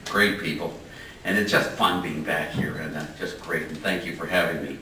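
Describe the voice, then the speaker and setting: An older man with a deep, bright, forceful voice tells stories with a chuckle. He is heard from a distance in a roomy hall with faint noise behind him. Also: fairly even intonation, normal speed. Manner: chuckling, storytelling. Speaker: guest speaker, economist. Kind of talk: folksy anecdotal speech. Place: lecture hall.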